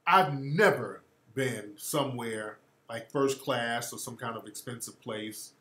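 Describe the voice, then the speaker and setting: A man's voice: medium pitch, a little slow. A man hosting a radio show, talking in a casual, profane monologue and laughing as he tells stories. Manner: profane, laughing, animated storytelling. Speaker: radio host. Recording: roomy echo.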